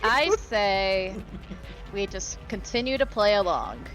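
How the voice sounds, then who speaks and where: A woman's voice: medium pitch, expressive, takes it slowly, fairly bright tone, faint music behind. Chatty joking woman player. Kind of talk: casual tabletop play.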